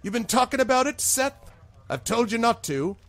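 A woman's voice: on the high side, sing-song, moderate pace, dry recording, voice pushed up. A man voicing a stern, scolding middle-aged woman who is a village constable. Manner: curt, scolding.

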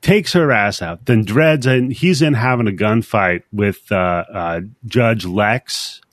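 A man's voice: fairly low pitch, takes it slowly, no room sound, clean studio sound. A man hosting a podcast, recapping a film in a rambling, joking way and acting out the characters' lines. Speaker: podcast host. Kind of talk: casual movie recap chat.

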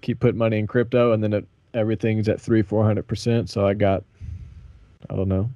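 Laid-back profane Southern man, low voice. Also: level tone, brisk, warm tone, no room sound, dull audio. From American South. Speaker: podcast co-host. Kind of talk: casual chat.

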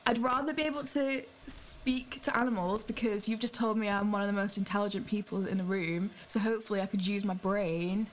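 A young woman guest on a podcast, talking in a lively, playful way. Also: mid-range voice, a little fast, hardly any pauses, slight background noise. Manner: animated, playful. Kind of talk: casual chat.

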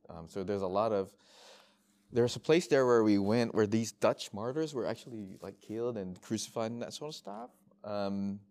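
A middle-aged man from Australia speaking as a missionary at a workshop, telling anecdotes and acting out conversations with frequent restarts. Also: low-pitched. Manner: animated storyteller, acts out dialogue, frequent restarts. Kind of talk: informal workshop talk.

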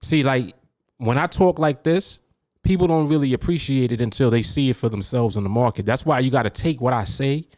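A man's voice: mid-range voice, a little mellow, no room sound, studio quality. A man with a New York accent hosting a solo podcast, lecturing in a preachy way and throwing out rhetorical questions. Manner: preachy, rhetorical, keeps asking "you see?". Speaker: podcast host and trading coach.

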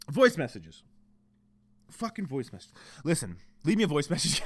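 A man's voice: fairly high pitch, sing-song, moderate pace, no echo. A man hosting his own podcast alone, talking casually and rambling with a lot of swearing. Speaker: podcast host. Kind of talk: solo podcast monologue. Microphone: home recording setup.

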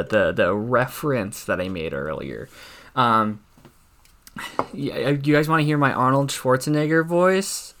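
A young man doing an awkward, deadpan stand-up routine, halting and stammering through constant fillers and restarts. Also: medium pitch. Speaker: stand-up comic.

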